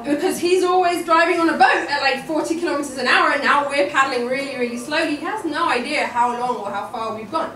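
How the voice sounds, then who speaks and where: High-voiced woman telling a story live. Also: quick pace, hardly any pauses. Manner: animated, laughing, repeats words for effect. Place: storytelling event venue. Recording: echoey room, distant mic, noisy.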